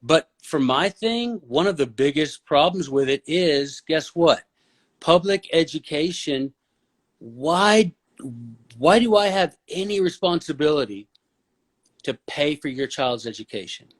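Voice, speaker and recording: A man speaking as a podcast guest, blunt and opinionated, with a preachy, forceful way of making his point. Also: a little high, lively intonation, measured pace. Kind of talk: casual podcast conversation.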